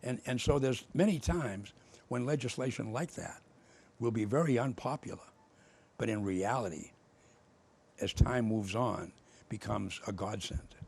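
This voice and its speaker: An older man, telling stories in casual conversation and acting out both sides of old arguments with lively energy. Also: medium pitch, measured pace. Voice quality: gravelly, husky. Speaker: former state official telling stories.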